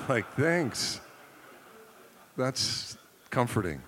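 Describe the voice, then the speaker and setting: A man preaching a sermon, telling a personal story with animated delivery and acting out the voices of the people in it. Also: medium pitch, very slow, long pauses, husky, in a large hall. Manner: animated storyteller, acts out voices, laughs often. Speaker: pastor.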